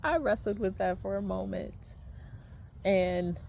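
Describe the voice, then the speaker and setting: A woman's voice: mid-range voice, takes it slowly, creaky, a little mellow, slight background noise. A woman telling a personal faith testimony in an earnest, prayerful way, repeating phrases for emphasis. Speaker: vlogger sharing a personal testimony.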